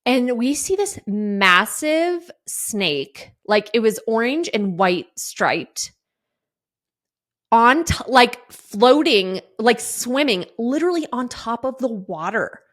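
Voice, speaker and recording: A podcast host in her thirties or forties speaks slowly with a slightly high, bright voice and lively intonation. She tells stories in a chatty, casual monologue, full of fillers and laughs, acting out other people's lines.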